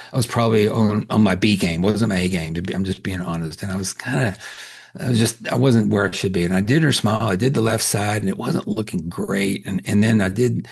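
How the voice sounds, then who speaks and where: Guy dentist teaching a webinar, low gravelly voice, kinda husky, chatty with lots of restarts. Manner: storytelling, candid, with frequent restarts. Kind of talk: conversational webinar lecture.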